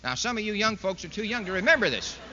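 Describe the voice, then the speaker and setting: A man's voice: high-pitched, very animated, fast talker, noisy background. A man giving a sarcastic, emphatic public lecture speech to a university audience, in a dull lo-fi 1960s archival recording made in a large hall. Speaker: political speaker addressing a university audience.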